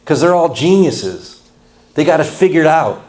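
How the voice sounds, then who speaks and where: A man's voice: on the high side, sing-song, a little slow, a little mellow. Blunt, impassioned man preaching a sermon. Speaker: pastor.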